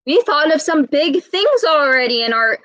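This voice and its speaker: A woman's voice: high-pitched, expressive, normal speed, a bit bright, no echo, dull audio. A woman, a speech therapist, reads a picture book to young children and keeps asking them questions. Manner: patient, questioning, teacher-like. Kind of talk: interactive read-aloud lesson.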